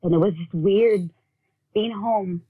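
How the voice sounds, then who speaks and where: A woman telling a personal story as an interview guest, in a halting way with many fillers, often acting out what family members said. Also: mid-range voice, breathy edge. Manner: halting, full of "like", acts out quoted family talk. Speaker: guest, bereaved mother. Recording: tinny phone-like audio.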